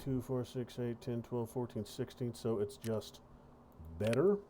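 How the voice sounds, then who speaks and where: A man's voice: on the low side, fairly even intonation, unhurried, creaky, mellow, slight background noise. A man hosting a gaming video, giving casual commentary and wryly muttering to himself as he plays.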